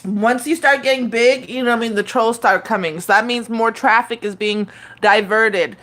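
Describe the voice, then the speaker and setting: A woman's voice: on the high side, moderate pace, a bit bright. A woman in her thirties chatting casually on a live stream, loose and profane, rambling with lots of fillers and restarts.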